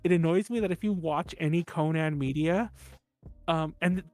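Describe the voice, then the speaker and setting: A man's voice: on the high side, moderate pace, darkish tone, no room sound, faint music behind. A man hosting a podcast, talking in a loose, rambling way, restarting sentences and laughing often. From Mexican-American. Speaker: podcast host. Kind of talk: casual chat.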